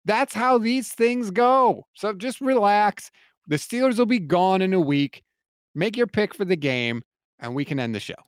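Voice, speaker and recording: A man co-hosting a sports podcast, calmly countering his partner with dry, sarcastic remarks. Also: high-pitched, unhurried, clean tone, no room sound. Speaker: podcast co-host. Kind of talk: casual sports debate.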